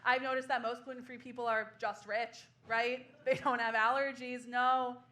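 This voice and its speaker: A woman's voice: on the high side, flat delivery, moderate pace, pushed and bright. A woman in her twenties doing a sardonic, self-mocking stand-up comedy set on a small club stage.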